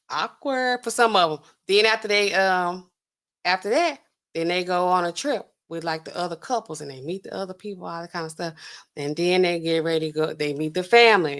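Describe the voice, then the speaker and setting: A woman hosting a livestream, casually retelling a dating show with AAVE speech and acting out the people in it. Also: on the low side. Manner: animated, acts out dialogue with voices. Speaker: livestream host. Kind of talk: casual storytelling chat.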